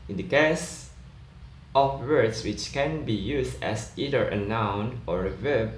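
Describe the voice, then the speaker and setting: A man explaining an English pronunciation lesson in a slow, measured way, pausing on fillers as he goes. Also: mid-range voice. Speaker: lecturer. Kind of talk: recorded lesson explaining rules. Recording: echoey room, faint background noise.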